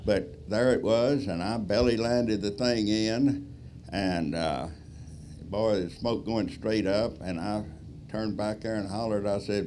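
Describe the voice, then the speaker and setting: Guy with a lowish voice, folksy rambling storyteller, ums and uhs everywhere. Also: steady tone, a little slow, darkish tone, slight background noise. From Texas. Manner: folksy, rambling, lots of fillers. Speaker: guest speaker, pilot. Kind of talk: storytelling talk.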